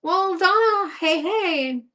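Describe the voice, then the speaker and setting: A woman's voice: extremely high pitch, lively intonation, slow pace, bright, forceful tone. A middle-aged woman hosting a live-stream craft sale, chatty and upbeat, thanking viewers by name. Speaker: host selling craft supplies. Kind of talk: live-stream selling chat.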